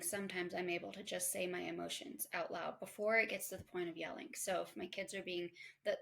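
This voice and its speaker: Speaking with vocal fry in a low-leaning, fairly bright voice, an adult mother talks openly about parenting on her podcast. It's a relaxed self-help monologue, conversational and self-reflective.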